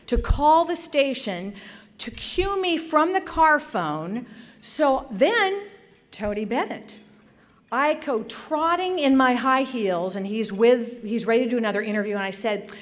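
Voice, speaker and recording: A middle-aged woman giving an award acceptance speech at a podium. She tells stories with animation and acts out the voices of the people she quotes. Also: fairly high pitch. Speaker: award honoree. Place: event hall podium.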